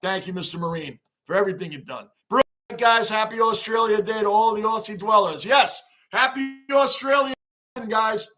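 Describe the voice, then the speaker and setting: At a moderate pace, a high-voiced man with a bright sound runs a relaxed fan livestream. He's chummy with his regulars, talks directly to the chat, and gets emotional and fired up about his team.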